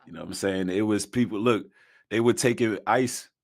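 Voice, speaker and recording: Man with a lowish voice, casual hyped commentary, heavy slang. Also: normal speed, crowd noise. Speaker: commentator in a played video.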